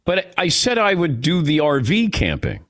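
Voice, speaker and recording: A man's voice: fairly high pitch, huge pitch swings, moderate pace, a bit bright. A man hosting a talk show in casual chat, bantering with wry, dry humor. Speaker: radio show host.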